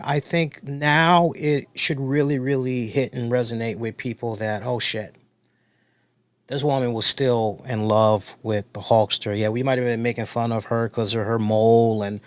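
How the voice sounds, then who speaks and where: A man's voice: medium pitch, no echo. A man hosting a wrestling review show, talking in a casual storytelling way and repeating points for emphasis.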